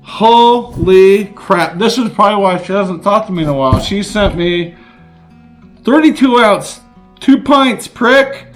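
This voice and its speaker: A middle-aged man filming a casual unboxing vlog, exclaiming with excitement as he opens a gift box. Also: high-pitched, normal speed, soft background music. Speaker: vlogger.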